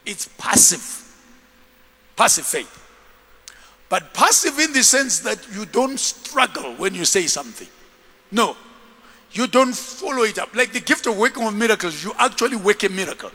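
A man preaches a sermon in a very high, bright voice, acting out the stories he tells. His pitch leaps and falls all the time. A long reverb from the hall hangs behind him. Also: moderate pace, long pauses. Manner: animated storytelling, acting out scenes. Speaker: bishop and preacher.

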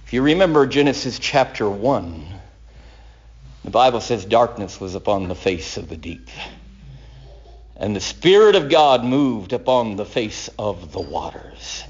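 A man preaching a sermon, storytelling dramatically and swinging from loud declarations to hushed tones. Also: lowish voice, sing-song, measured pace, highs cut off.

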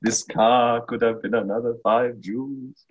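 A man co-hosting a casual film podcast, blunt and sweary, with a husky voice. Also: medium pitch, fairly even intonation, measured pace, highs cut off. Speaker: podcast co-host.

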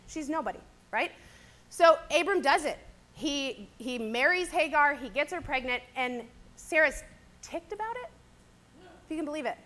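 A woman with a notably high voice gives a casual Bible teaching talk. She speaks conversationally, tossing in "kinda" and "right?" as she retells the story. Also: expressive, moderate pace, a bit bright. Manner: chatty, conversational, often adds "right?" and "kinda".

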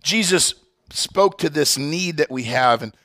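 A man's voice: on the high side, animated, a little slow, sharp tone, no room sound, studio quality. A man preaching a sermon as pastor, emphatic, often restarting his words.

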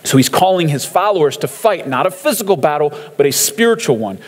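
A man preaching in a relaxed, conversational way, full of asides and fillers. His voice sits a little high for a man. A long reverb trails behind him, as in a big hall. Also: a little fast. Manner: conversational, chatty, with frequent fillers and laughs. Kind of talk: casual sermon commenting on song lyrics.

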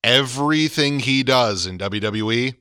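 Brief: male podcast co-host, lively swooping delivery, bright tone, dry close mic, opinionated. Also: mid-range voice, a little slow, clean tone, no room sound. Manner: emphatic, opinionated, rises sharply on key points. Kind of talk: casual wrestling podcast chat.

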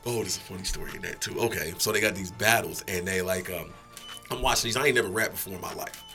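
A man's voice: low voice, fast talker, pushed and bright, faint music behind. A middle-aged man, telling a story casually as a guest, swearing freely and acting out quotes.

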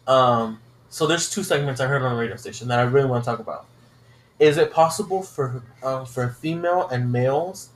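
Guy co-host rambling thru a swear-heavy story, mid-pitched voice, echoey room. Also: slight background noise. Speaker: podcast co-host. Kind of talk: casual chat.

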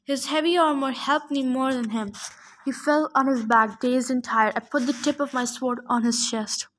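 High-voiced woman reader, steady novel narration, occasional slips. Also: normal speed, slight background noise. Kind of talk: reading a novel aloud.

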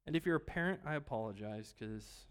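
A man preaching a sermon in a church, talking casually, asking the congregation questions and swinging between loud bursts and quiet asides. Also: medium pitch, expressive, a little fast, smooth. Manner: conversational, asks the congregation questions. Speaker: pastor.

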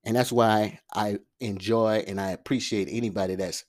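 A man with a lowish voice hosting a solo podcast into his mic. He talks quickly and casually, with plenty of slang, "ums" and restarts as he speaks straight to his listeners. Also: fairly even intonation, darkish tone. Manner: fast, loose talk with fillers and slang. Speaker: podcast host. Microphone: podcast microphone.

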